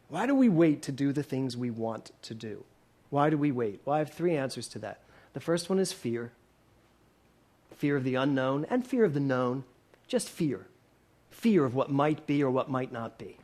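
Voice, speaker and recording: A man in his sixties, a minister, delivers a sermon to a congregation in a church hall. His voice is medium in pitch and a little mellow. He poses many questions to the room, turning playful and laughing at times as he jokes with the congregation.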